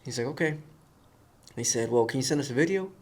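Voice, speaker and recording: Gravelly-voiced man telling a lively story. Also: medium pitch, fast talker. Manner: animated storyteller who acts out quoted voices. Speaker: guest. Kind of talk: casual storytelling.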